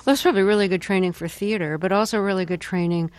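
An interviewer with a mid-range voice asks engaged, prompting questions in a relaxed conversational interview. The sound is dry and close to the microphone. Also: medium pitch, fast talker, no room sound.

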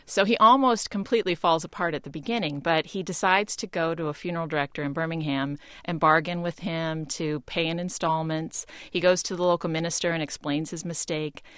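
A woman historian speaks as a guest in a broadcast interview, with a low voice that is dry and close to the mic. She explains events like a storyteller and grows animated in places. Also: fairly quick, hardly any pauses, smooth, no echo.

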